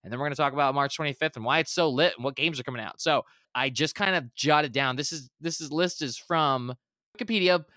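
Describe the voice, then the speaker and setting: A man's voice: on the high side, fast, sharp tone, dry recording, studio quality. A man co-hosting a gaming podcast, talking casually and enthusiastically, often restarting and correcting himself. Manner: rambling, self-correcting, enthusiastic. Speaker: podcast co-host. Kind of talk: casual chat.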